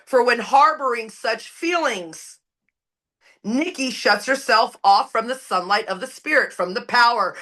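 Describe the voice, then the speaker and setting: Bright, blunt woman sharing in recovery. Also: medium pitch. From Canada. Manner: emphatic, preachy, blunt and profane. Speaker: recovery meeting speaker. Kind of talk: impassioned share at a recovery meeting. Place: recorded at an online meeting.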